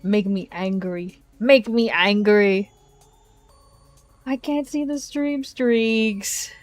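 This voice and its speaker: A woman's voice: medium pitch, darkish tone, dry recording. Chatty woman streamer, rambling and exasperated. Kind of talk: casual live-stream chat. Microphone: desk microphone.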